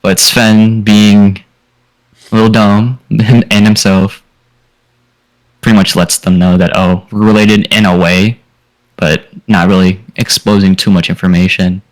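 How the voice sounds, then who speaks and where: A man with a very low, deep voice recaps the last session of a tabletop game for the group. He talks in a loose, casual way and drops in fillers as he goes. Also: little pitch movement, measured pace, poor audio. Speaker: player.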